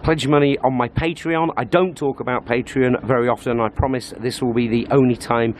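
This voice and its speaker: A man's voice: medium pitch, steady tone, brisk, slight background noise. Chatty British man vlogging. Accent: British English. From Britain. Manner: chatty, explanatory, with frequent "uh" fillers. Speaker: travel vlogger. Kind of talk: casual vlog talk to camera. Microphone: handheld compact camera.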